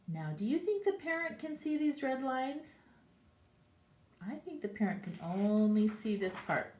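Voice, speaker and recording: A woman as a preschool teacher reading a picture book to young children and asking them questions, in an animated way. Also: lowish voice. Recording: echoey room.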